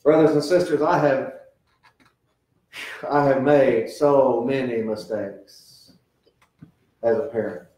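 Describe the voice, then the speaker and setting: In the echo of a church sanctuary, picked up by a faraway mic, a middle-aged pastor preaches slowly in a mellow, steady, mid-range voice, pausing often. His sermon on raising children is earnest and conversational and includes quoted voices.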